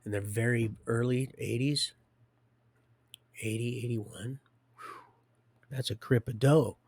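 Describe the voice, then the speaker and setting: A middle-aged man spins his life story on a live stream in a loose, folksy ramble, doubling back and chuckling to himself. His voice has a gravelly edge and sits right up on a dry desk mic. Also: medium pitch, steady tone, takes it slowly, darkish tone, dry recording. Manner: meandering, folksy, trails off and restarts, chuckles to himself.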